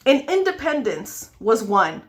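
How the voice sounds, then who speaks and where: A woman's voice: fairly high pitch, big pitch swings, measured pace. A woman makeup vlogger ranting angrily with lots of swearing and pleading questions while she does her makeup. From United States. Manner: angry, profane, pleading.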